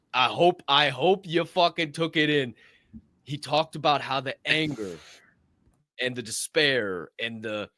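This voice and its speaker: A male co-host in a bright, forceful voice hammers home his points, cursing freely and laughing between lines. The sound is dry and close. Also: mid-range voice, dry recording. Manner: emphatic, swears freely, laughs often. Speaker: podcast co-host. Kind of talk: casual chat.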